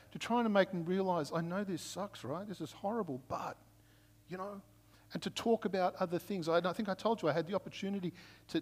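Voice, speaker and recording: Male pastor in a reverberant hall. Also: on the high side. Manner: conversational storytelling, frequent "right?" check-ins. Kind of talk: sermon. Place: church. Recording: long reverb of a church hall.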